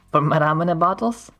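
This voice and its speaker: Woman streamer, goofy, laughing, very low pitch, faint music behind. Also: a bit bright. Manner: playful and goofy, breaks into laughs and silly voices. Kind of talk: casual livestream chat while drawing.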